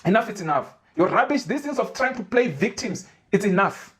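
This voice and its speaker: A woman's voice: a little high, very animated, a little fast. Indignant woman giving opinion commentary. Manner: indignant, emphatic.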